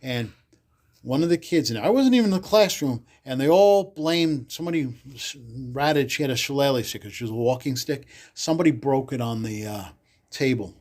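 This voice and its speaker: A man, a podcast guest telling loud, animated stories in casual chat, cursing freely and acting out the people he quotes. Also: medium pitch, a little fast. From the Bronx, New York. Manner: animated, swears freely, acts out quotes loudly. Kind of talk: casual storytelling.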